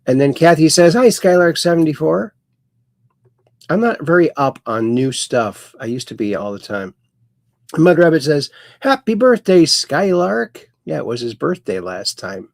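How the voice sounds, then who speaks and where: A man hosting a casual livestream, slowly reading chat messages aloud with sudden bright upswings. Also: medium pitch, expressive, no echo, studio quality. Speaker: host.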